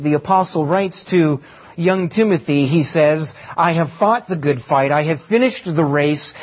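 A man's voice: on the high side, breathy edge. A man preaching a sermon to a congregation in church, asking them rhetorical questions and repeating key phrases for emphasis. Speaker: pastor. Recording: dull lo-fi sound.

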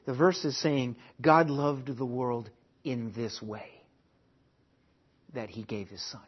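A man preaching a sermon at a church service. He repeats key phrases and swings between quiet and loud delivery. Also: mid-range voice, fairly even intonation, slow, breathy edge. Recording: dull lo-fi sermon recording.

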